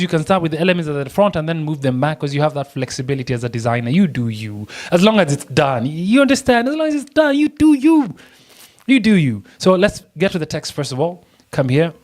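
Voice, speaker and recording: A man teaching a design software lesson, chatty and excitable, laughing often as he works. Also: a little high. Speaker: design tutor. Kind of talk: screen-recorded software tutorial.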